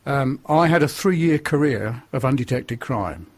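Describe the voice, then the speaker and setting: A man's voice: medium pitch, lively intonation, measured pace, husky. An older man from northern England, a radio interview guest telling his testimony in a forthright, preachy way.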